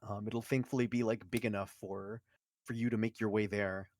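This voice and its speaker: A woman's voice: extremely low pitch, steady tone, moderate pace, a little mellow, no room sound, studio quality. A woman narrating as game master of a tabletop game, rambling with many fillers and laughing often.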